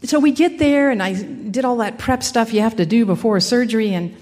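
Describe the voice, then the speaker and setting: A woman's voice: a little high, a little fast, darkish tone, big-room sound. A woman giving an earnest personal faith testimony in a conversational storytelling way, with frequent restarts. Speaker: speaker sharing a personal testimony.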